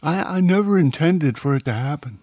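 A rough, blunt henchman, voiced by a male storyteller, with an offhand and defensive manner. He is pitched up from the narrator's own voice and has a slightly husky tone. The recording is dry and close. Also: expressive, brisk, darkish tone, no echo.

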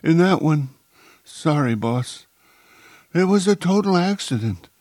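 A rough, blunt henchman, voiced by a male storyteller, with an offhand and defensive manner. He is pitched up from the narrator's own voice and has a slightly husky tone. The recording is dry and close. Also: lively intonation, unhurried, a little mellow, no room sound.

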